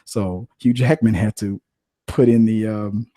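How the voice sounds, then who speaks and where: A man's voice: fairly low pitch, fairly even intonation, measured pace, dark tone, no room sound, studio quality. A man hosting a podcast, chatting casually and in a rambling way about movies. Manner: rambling, with frequent restarts and laughter. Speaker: podcast host. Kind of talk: casual solo movie chat.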